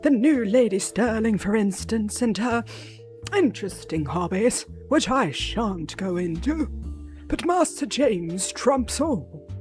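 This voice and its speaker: A woman's voice: medium pitch, expressive, slow, darkish tone, faint music behind, pitched above the performer's own voice. A woman voicing a prim, easily offended old male butler who speaks in a stiff, formal way. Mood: indignant.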